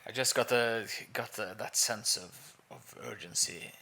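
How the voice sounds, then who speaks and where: A man's voice: lowish voice, a little slow, sharp tone. A man playing a tabletop game who talks playfully and blurts out odd quips. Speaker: player. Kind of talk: casual tabletop role-play.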